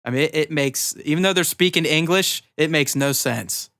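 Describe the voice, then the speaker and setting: A man's voice: a little high, normal speed, bright, forceful tone. A man hosting a casual gaming podcast; he swears freely and steers the group through a vote. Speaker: podcast host.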